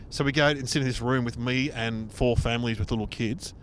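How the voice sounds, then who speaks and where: A middle-aged Australian man and comedian, telling a rude, animated story in casual chat and acting out the other people in it. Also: medium pitch, moderate pace, few pauses, a little hiss or hum. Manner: animated, swearing, acts out dialogue. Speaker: comedian podcast host. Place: inside a car on a road trip.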